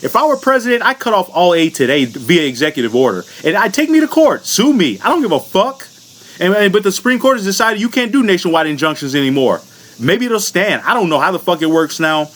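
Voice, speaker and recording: A man's voice: sits high, very animated, fairly quick, a bit bright. A man from the United States delivering a furious, profane political rant into the camera as a vlogger, blunt and unfiltered. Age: adult.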